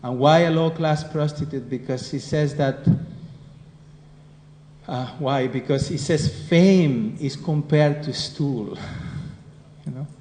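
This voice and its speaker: This scripture class teacher is a man with a Spanish accent whose slightly high, darkish voice moves slowly. He delivers his devotional lecture conversationally, frequently posing questions to the audience, and the recording carries a roomy hall echo with faint noise.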